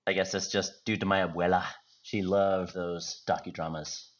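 A man's voice: low-pitched, little pitch movement, normal speed, dull audio. A man co-hosting a gaming podcast, chatting in a jokey, playful way. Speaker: podcast co-host. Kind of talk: casual chat.

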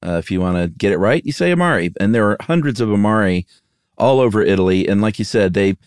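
Deep-voiced laid-back man. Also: fast, clear, resonant tone, no room sound, clean studio sound. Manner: relaxed, laughs easily, sings goofy jingles. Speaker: podcast co-host. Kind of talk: casual chat.

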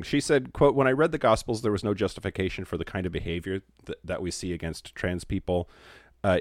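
Brief: young male co-host, deep voice, animated delivery, dry close mic, casual and profane. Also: no echo. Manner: joking, profane, trails off mid-sentence. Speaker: podcast co-host. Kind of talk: casual chat.

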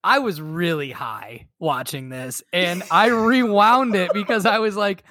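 A man's voice: high voice, measured pace, sharp tone, dry recording. A young man co-hosting a casual podcast, wry and jokey, laughing often. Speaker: podcast co-host. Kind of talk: casual chat.

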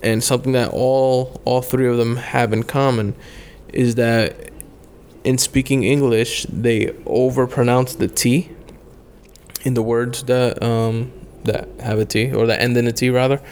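A man's voice: medium pitch, little pitch movement, measured pace, a little mellow, slight background noise. A young man chatting loosely about his travels, rambling with lots of fillers and casual swearing. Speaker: travel vlogger.

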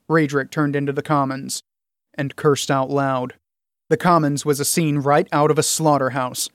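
A man narrating a story in a steady, measured reading. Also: a little high, dry recording, studio quality. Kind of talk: audiobook narration.

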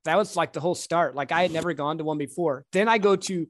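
A man chatting casually on his podcast, friendly and quick to back the other speaker with short agreements. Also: a little high.

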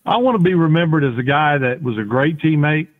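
A man's voice: on the high side, a little fast. A man, a former quarterback, telling rambling, folksy stories with many restarts as a podcast guest. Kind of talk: casual interview storytelling. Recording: tinny phone-like audio.

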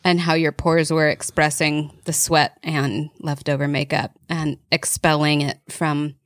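A woman's voice: low-pitched, level tone, a little slow, no echo, studio quality. A woman in a casual podcast chat, explaining herself in an earnest way. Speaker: podcast regular.

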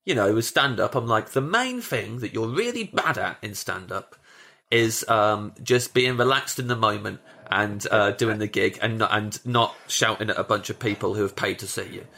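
A man's voice: lowish voice, moderate pace, gravelly, bright, forceful tone. A man, a comedian on a podcast, chatting animatedly and acting out his own thoughts as he rambles. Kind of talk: casual chat.

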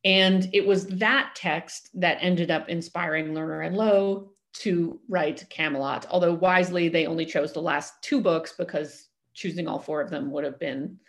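A woman's voice: fairly low pitch, fairly even intonation, moderate pace, few pauses. A woman co-hosting a podcast, explaining history in casual chat with frequent ums and easy laughs. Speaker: podcast co-host.

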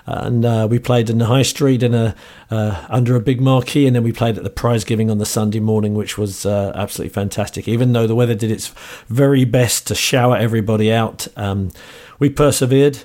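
A man with a New Zealand accent hosting a podcast in casual chat, slightly hoarse, upbeat and chatty with a lot of ums and uhs. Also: mid-range voice, steady tone, brisk, darkish tone. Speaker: podcast host.

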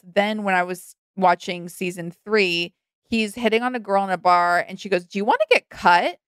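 An animated young woman chatting casually as a podcast co-host, laughing and acting out quotes. Her voice sits at a middle pitch. The sound is dry and close, with no room around it. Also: no echo. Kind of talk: casual chat.

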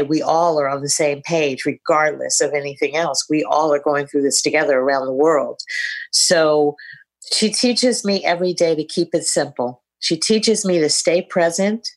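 A middle-aged woman hosting a podcast, talking in an effusive, reflective way. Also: low-pitched. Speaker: podcast host. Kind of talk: casual podcast chat.

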